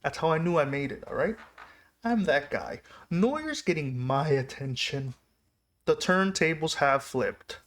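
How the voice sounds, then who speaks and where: Animated and on the high side, this man's fairly bright voice moves a little slowly. He tells a personal story vlog-style, rambling and chatty, and keeps interrupting himself to restart sentences.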